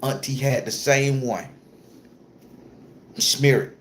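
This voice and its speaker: A man's voice: mid-range voice, slow, background noise. A man telling a personal story to camera in a casual, profane way, repeating phrases for emphasis. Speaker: spiritual content creator.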